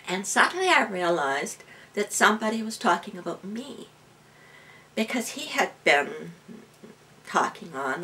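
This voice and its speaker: Woman interview guest, bright voice, lively storyteller. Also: fairly low pitch, gravelly. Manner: lively storyteller, laughing often. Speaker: guest, healer and medium.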